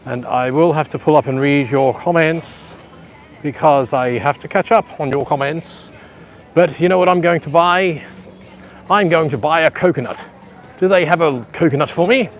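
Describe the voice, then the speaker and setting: Holding his phone camera, a vlogger wanders the pool area of a beach resort, offering loose, rambling live commentary for his audience at home. He speaks at a normal speed in a voice on the high side.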